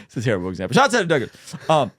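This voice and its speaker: A man hosts a loose commentary chat, animated and quick to react, his voice shooting upward in excitement. His pitch is otherwise mid-range for a man. The sound is dry and close. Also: no room sound. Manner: animated, excitable, voice jumps high when reacting. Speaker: podcast host.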